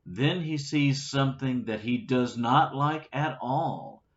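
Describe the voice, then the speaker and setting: A man reading a children's story aloud, with lively storytelling and little asides, on a dull lo-fi recording. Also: medium pitch, takes it slowly. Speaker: storybook reader.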